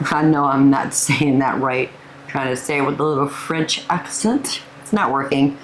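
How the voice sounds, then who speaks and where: A woman's voice: a bass voice, normal speed, crowd noise, rough recording. An older woman, hosting a casual cooking vlog and calling her viewers family as she tastes her food. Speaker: cooking channel host.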